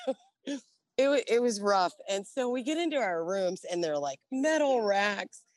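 Lively storytelling woman in her forties. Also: mid-range voice, moderate pace, no room sound, clean studio sound. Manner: lively, profane, laughs often, acts out dialogue. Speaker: Navy veteran guest. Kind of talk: casual storytelling interview.

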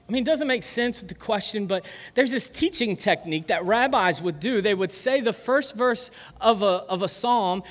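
High-voiced pastor man in an echoing hall. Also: expressive, normal speed, hardly any pauses. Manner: conversational, asks the crowd questions, laughs often. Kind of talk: sermon. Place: church hall.

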